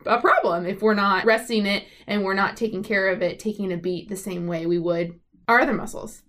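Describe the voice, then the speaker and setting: A woman's voice: mid-range voice, steady tone, a little fast, fairly bright tone. A woman co-hosting a podcast, steadily reasoning through a point with everyday examples. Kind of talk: casual podcast chat.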